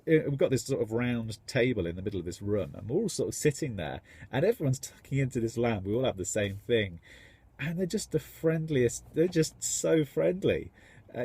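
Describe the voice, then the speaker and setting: A man's voice: mid-range voice, sing-song, moderate pace, vocal fry, darkish tone, slightly rough. A man, a tradesman, rambling enthusiastically in a casual vlog. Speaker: tradesman contractor.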